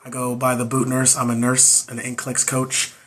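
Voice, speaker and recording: A hoarse young man, a nurse and exam coach, chatting loosely on his livestream into a phone and repeating his greetings. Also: mid-range voice, monotone, moderate pace, a bit bright. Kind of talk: casual livestream chat.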